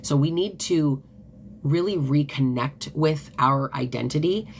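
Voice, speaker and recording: A woman's voice: low-pitched, a little slow, slight background noise. A woman coach and author talking earnestly and casually to viewers on a live stream. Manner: earnest and conversational, with many "like" fillers.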